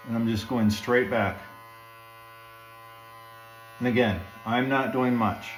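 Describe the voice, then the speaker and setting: A man's voice: medium pitch, steady tone, takes it slowly, faint music behind. A man casually talking viewers through trimming his own beard at home, rambling with fillers and asides. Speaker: beard-grooming vlogger. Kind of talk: casual how-to talk while trimming. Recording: echoey room.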